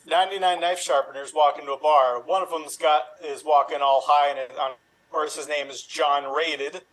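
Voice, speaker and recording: A man's voice: a little high, steady tone, moderate pace, fairly bright tone, low-quality recording. Man with a rambling joke setup. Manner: rambling, stop-start setup. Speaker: improv performer. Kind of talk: telling a rambling pun joke.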